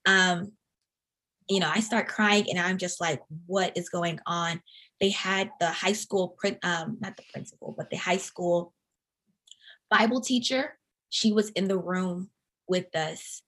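A woman in her thirties from Atlanta recounts a personal memory in conversation. Her voice sits a little low, and her telling is earnest and reflective, pausing and restarting as she goes. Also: fairly bright tone. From Atlanta, USA. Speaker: interview guest.

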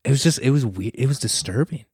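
A man's voice: medium pitch, lively intonation, fast, a little mellow, breathy edge, no room sound, studio quality. A man co-hosting a casual podcast chat, rambling and joking. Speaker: podcast co-host.

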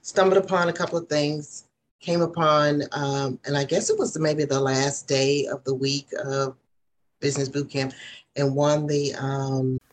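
A woman's voice: deep voice, fairly even intonation, a little slow. A woman guest on a podcast, telling her experience in a rambling, hesitant way with many fillers. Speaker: guest, former program member. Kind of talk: casual chat. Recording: faint background noise.

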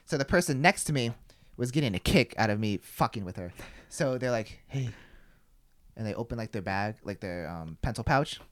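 A man's voice: on the low side, animated, fairly quick. Young man rambling through a story. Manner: rambling storyteller, swears freely, many "like" fillers. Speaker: podcast host. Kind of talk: casual chat.

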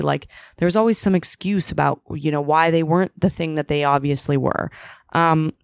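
Candid woman with a gravelly edge. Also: sits low, fairly even intonation, normal speed, no echo. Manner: candid, profane, self-deprecating storytelling; acts out her own past inner voice in quotes. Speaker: podcast host. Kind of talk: solo confessional monologue.

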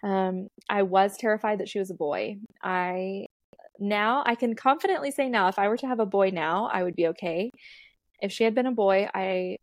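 In this casual storytelling interview, a thirty-something doula tells a podcast about her birth story, chatty and often laughing, with plenty of fillers. Her voice is mid-range at a moderate pace, and the studio-quality audio has no room sound.

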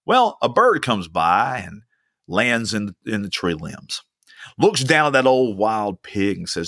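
A man's voice: medium pitch, very animated, normal speed, fairly bright tone, no echo, studio quality. A young man preaching a sermon as a pastor, emphatic and fond of repeating lines for stress. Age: young adult.

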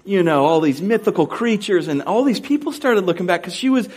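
A young adult male pastor preaches a sermon, opening with a funny personal story told in an animated, self-mocking way before moving to scripture. His voice sits high and is husky, and he speaks a little fast.

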